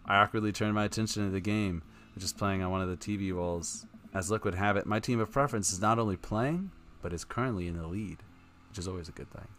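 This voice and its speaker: A man's voice: low voice, fast, a bit bright, slight background noise. A man streaming live, reading a text adventure aloud in a casual tone with wry asides.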